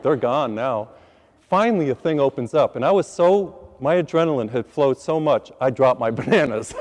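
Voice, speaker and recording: Priest telling a story in a reverberant hall. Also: male voice, medium pitch. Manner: animated, self-deprecating storyteller acting out his own lines. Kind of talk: storytelling sermon.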